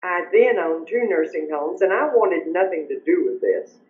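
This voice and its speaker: An older woman, earnestly telling her personal story as an interview guest, sometimes halting when upset. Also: fairly low pitch, lively intonation, a little hiss or hum. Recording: roomy, muffled remote audio.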